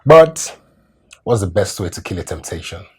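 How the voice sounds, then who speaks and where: An actor playing a scheming, unfaithful husband who speaks smugly and chuckles. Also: male voice, low voice, very animated, breathy edge, heavily acted. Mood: coaxing, teasing. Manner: smug, chuckling, drawn-out. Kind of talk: film drama acting.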